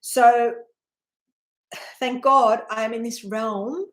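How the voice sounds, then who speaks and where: Speaking extremely slowly in a higher voice with fairly even intonation, a spiritual teacher relates her personal story. The talk is heartfelt and rambling, full of sighs, and she often checks in by saying "right?".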